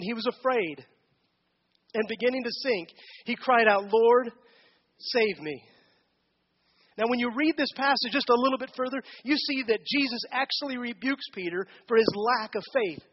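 A man's voice: very high-pitched, slightly rough, highs cut off. A man giving a conversational sermon as a pastor, asking the congregation questions during a church service.

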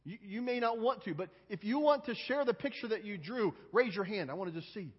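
A high-voiced, husky man preaches to children in a large church, coaxing them with question after question and restarting his sentences. The sound is dull and lo-fi, with a long hall echo behind his voice. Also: lively intonation, fairly quick. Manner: coaxing, asks many questions, repeats words at starts. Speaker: pastor. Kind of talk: children's sermon with audience questions.

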